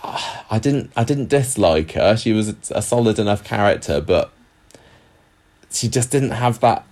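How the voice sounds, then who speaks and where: A man's voice: lowish voice, expressive, unhurried, darkish tone. A man co-hosting a podcast, chatting casually about an old TV soap with frequent fillers and restarts. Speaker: podcast co-host. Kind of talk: casual chat.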